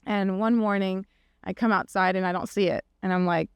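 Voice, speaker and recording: A woman's voice: medium pitch, fairly even intonation, a little fast, clean tone, dry recording. A middle-aged woman, a podcast guest, telling a personal story in a casual, chatty way, full of fillers and "like"s, acting out the quoted voices.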